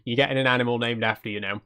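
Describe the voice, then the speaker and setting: A male streamer chatting through a cozy game with a small audience. His voice sits at an ordinary middle pitch, and he keeps up a casual, self-mocking patter broken by frequent laughs. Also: fairly bright tone. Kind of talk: live stream gameplay commentary.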